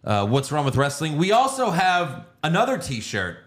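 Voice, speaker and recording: A man hosting a casual podcast, reading out plugs and recapping matches in a relaxed, matter-of-fact way. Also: a little high, moderate pace. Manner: laid-back, reads out plugs and recaps matter-of-factly. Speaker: podcast host. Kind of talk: casual chat and show plugs.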